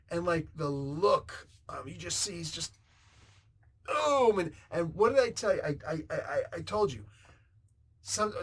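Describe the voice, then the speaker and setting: A man hosting a comic book review, retelling the story in a rambling, excitable way with sound effects and tangents. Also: fairly high pitch, husky.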